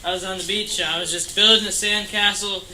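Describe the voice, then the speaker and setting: A late-teen guy tells a rambling comic tall tale full of fillers in a camp cabin. He speaks briskly in a high-pitched voice with fairly even intonation, recorded in an echoey room with noise behind him.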